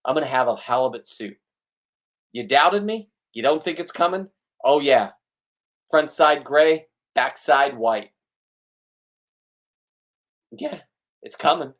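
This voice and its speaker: A man's voice: medium pitch, animated, takes it slowly, pauses often, a bit bright. A middle-aged man, ranting bluntly to his viewers in a rambling, riled-up monologue full of restarts. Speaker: vlogger. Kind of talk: ranting casual monologue to camera.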